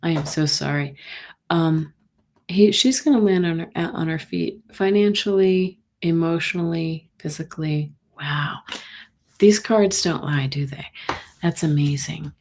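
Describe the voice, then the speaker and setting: A middle-aged woman hosting a live tarot reading stream, talking gently and sympathetically with many pauses and fillers. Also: low-pitched, a little hiss or hum. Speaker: intuitive reader, host.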